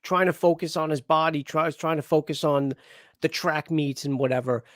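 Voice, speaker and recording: A man's voice: fairly high pitch, fairly even intonation, normal speed, fairly bright tone, dry recording, clean studio sound. A man co-hosting a casual show review, rambling with lots of false starts and restarts. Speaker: podcast co-host.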